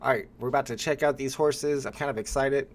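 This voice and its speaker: A man hosting a live stream, chatting casually with viewers and pausing often with "uh" as he talks. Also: medium pitch, slight background noise. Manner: relaxed, chatty, with frequent "uh" pauses.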